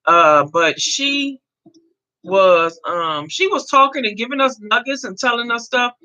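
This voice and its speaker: A woman in her fifties hosts a casual livestream, talking to viewers and responding to their comments as they come in. Her voice is fairly high, bright and forceful, a little slow, and the highs are cut off.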